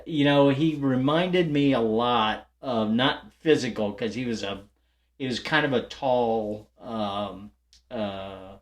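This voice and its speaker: An older man at a middle pitch chats to his viewers like an old friend. His story wanders, with fillers and restarts, and he often breaks into light laughs as he goes. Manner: rambling, chatty, lots of fillers and restarts. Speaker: guitar channel host.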